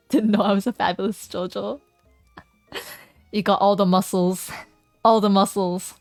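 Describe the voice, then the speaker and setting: A woman's voice: mid-range voice, steady tone, measured pace, gravelly, a little mellow, no echo, soft background music. A woman streamer reading a dating game aloud in a playful, casual way, chatting with her viewers between lines. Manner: playful, laughs often, reads game text aloud.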